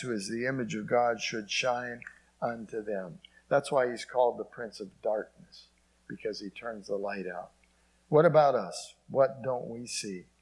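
A man's voice: medium pitch, darkish tone, slightly rough, rough recording. A man preaching a sermon, quoting scripture and dropping in frequent amens. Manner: preaching with frequent "amen" asides and scripture quotes. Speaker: pastor.

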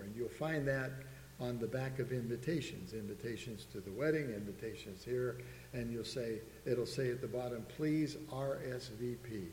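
A man's voice: medium pitch, a little mellow, a little hiss or hum. Preacher man in an echoing church. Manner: calls for amens and quotes scripture in old King James wording. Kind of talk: sermon. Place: church sanctuary. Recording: echoey church hall reverb.

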